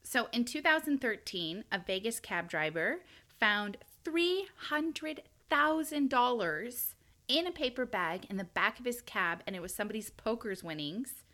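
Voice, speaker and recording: Chatty woman with a bright voice. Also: fairly high pitch, lively intonation, a little slow. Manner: chatty, laughs often, trails off and restarts. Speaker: podcast co-host reading news stories. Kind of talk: casual chat.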